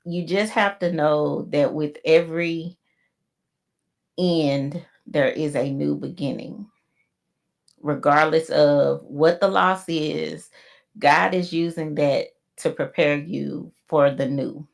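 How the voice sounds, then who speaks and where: A woman co-hosting a podcast, giving a slow, reflective, faith-based closing message with many pauses. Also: deep voice, gravelly. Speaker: podcast co-host.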